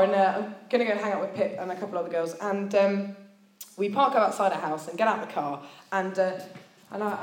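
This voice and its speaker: Woman, sermon with storytelling, casual and self-deprecating, mid-pitched voice, echoey hall. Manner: chatty, self-deprecating, many fillers. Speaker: speaker at a student church meeting.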